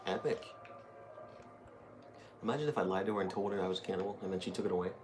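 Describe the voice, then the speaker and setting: A man's voice: low-pitched, fast. A young man giving casual, rambling, joking commentary while playing a video game. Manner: jokey, rambling, thinking aloud. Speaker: gaming streamer. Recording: noisy game capture behind.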